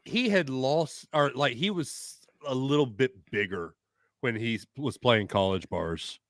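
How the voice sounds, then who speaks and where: Laid-back male co-host, quick reactions, mid-pitched voice, dry close mic. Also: no room sound. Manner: easygoing, short reactions and asides. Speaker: podcast co-host. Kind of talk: casual chat.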